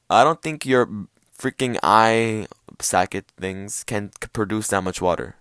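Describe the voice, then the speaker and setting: A young man hosting a podcast, ranting casually and profanely, with bursts of loud mock voices. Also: lowish voice, unhurried, clear, resonant tone, no echo, clean studio sound. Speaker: podcast host. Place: bedroom.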